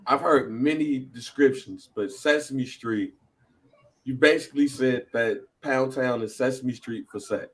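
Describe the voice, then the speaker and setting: Guy cohosting a podcast, laughs a lot, gets loud and high when he's hyped. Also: measured pace. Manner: excitable, laughing, rising into high animated bursts. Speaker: podcast co-host. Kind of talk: casual podcast chat.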